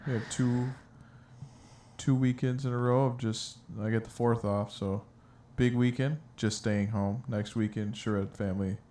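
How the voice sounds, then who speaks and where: A man's voice: mid-range voice, fairly even intonation, moderate pace, warm tone. A man in his thirties co-hosting a podcast, chatting casually and cracking dry, teasing jokes at his friend. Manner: dry, teasing, joking interjections. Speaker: podcast co-host. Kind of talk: casual chat.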